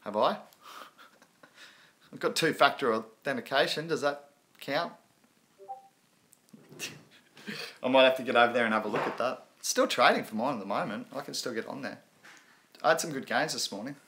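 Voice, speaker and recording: A man hosting a relaxed crypto stream rambles freely, breaking off again and again to read comments from viewers while he laughs. The voice is bright and forward at a medium pitch, with normal speed and frequent pauses.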